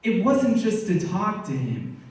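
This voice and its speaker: A young man shares his testimony before a church congregation, talking in an earnest, excitable way and playing out conversations. His voice sits somewhat high and is picked up from a distance. It carries a heavy church echo. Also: a little slow. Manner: storytelling, acting out conversations in quotes; earnest, excitable, laughing often. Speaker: church member giving testimony. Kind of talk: personal testimony in a church service. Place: church sanctuary. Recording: echoey church, voice off-mic.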